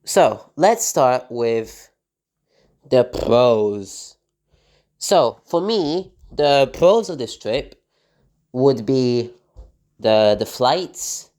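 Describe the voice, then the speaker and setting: A man's voice: medium pitch, animated, drawn-out words, long pauses, a little mellow. A man recapping his trip in a casual travel vlog, chatty and loose, with lots of fillers and restarts, talking while travelling in a vehicle. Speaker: travel vlogger.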